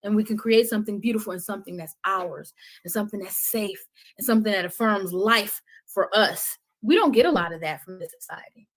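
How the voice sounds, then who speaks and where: A middle-aged woman, a podcast guest, speaking with passion and conviction, often dropping to a soft, intense tone. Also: medium pitch, a little fast. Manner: impassioned, preachy, drops to soft intensity. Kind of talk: passionate conversational talk.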